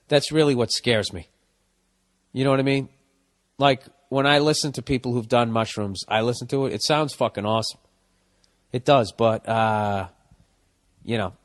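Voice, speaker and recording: A man hosting a podcast, reading listener mail and riffing in a blunt, profane, jokey way. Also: medium pitch. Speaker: podcast host.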